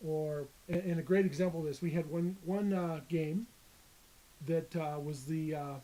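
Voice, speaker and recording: Mellow, halting dungeon master. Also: male voice, on the high side, steady tone, rough recording. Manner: halting, restarts often. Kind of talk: casual chat.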